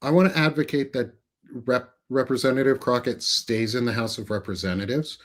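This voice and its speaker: A man's voice: medium pitch, fairly quick. A man talking politics as a guest, blunt, emphatic and profane. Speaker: guest commentator. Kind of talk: casual political chat.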